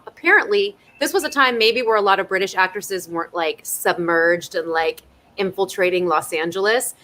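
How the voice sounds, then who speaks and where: An actress from Southern California appears as a guest in a live online interview over a video call from home, chatting playfully and laughing often. Her voice is fairly low in pitch, pushed and bright.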